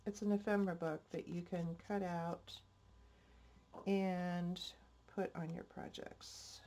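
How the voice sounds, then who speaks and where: A woman's voice: mid-range voice, darkish tone. An older woman hosting a crafting vlog, chatting in a rambling, homespun way, a bit stuffy-nosed. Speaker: crafting channel host. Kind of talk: casual crafting vlog chat.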